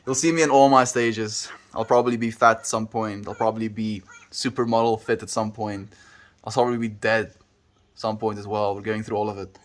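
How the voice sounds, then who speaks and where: A man with a South African accent, chatting casually with viewers on a livestream from home, relaxed and playful with how words sound. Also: on the low side, fairly quick.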